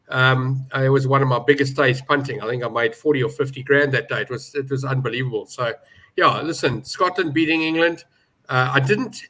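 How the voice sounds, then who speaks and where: A man's voice: medium pitch, fairly bright tone, poor audio. A man giving opinionated betting views in a casual panel chat, stressing his points hard. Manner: opinionated, emphatic about prices. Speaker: betting pundit.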